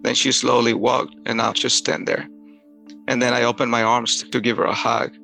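A man with a deeply gravelly, creaky voice and a bright, tense edge tells his own story. He talks in halting bursts, restarting and repeating words as he goes, with faint music underneath. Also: flat delivery. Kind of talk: personal testimony.

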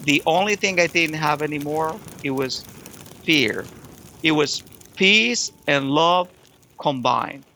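Gravelly, bright-voiced man giving testimony. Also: fairly high pitch, lively intonation. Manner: emotional, halting with restarts. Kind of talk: personal testimony.

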